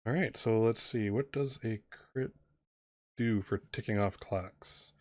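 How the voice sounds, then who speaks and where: Rambling game master, low dry voice. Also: male voice, measured pace, a little mellow, dry recording. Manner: rambling, many fillers and restarts. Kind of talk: narrating a tabletop game.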